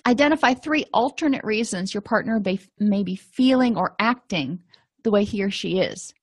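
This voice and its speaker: A woman's voice: mid-range voice, moderate pace, dry recording. A woman, a counselor, teaching a conversational lesson on empathy in relationships and acting out little quoted exchanges. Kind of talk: informal lecture on empathy.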